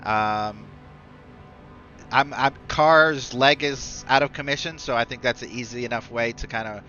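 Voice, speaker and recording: A man's voice: mid-range voice, measured pace, sharp tone, soft background music. A man narrating a tabletop game as game master, rambling with many fillers and restarts, in a dull lo-fi recording.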